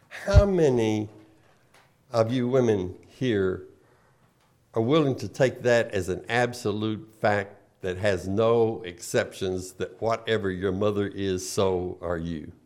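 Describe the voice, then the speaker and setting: A man preaching a sermon, posing rhetorical questions and swinging between emphatic and quiet delivery. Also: mid-range voice. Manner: rhetorical questions, emphatic rises and drops in volume.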